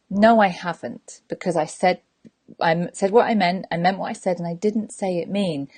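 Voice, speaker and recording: A woman hosts a sobriety coaching podcast and talks straight to her listeners. She is animated and blunt. She brings her points to life by acting out short everyday scenes. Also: fairly low pitch. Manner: animated, direct, acts out little scenes. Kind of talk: motivational talk to listeners.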